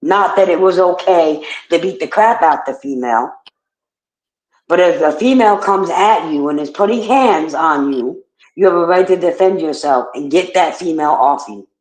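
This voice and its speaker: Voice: medium pitch, expressive, moderate pace. Firm guest speaker in an echoey room. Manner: firm, defensive. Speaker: livestream guest. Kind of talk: casual livestream chat.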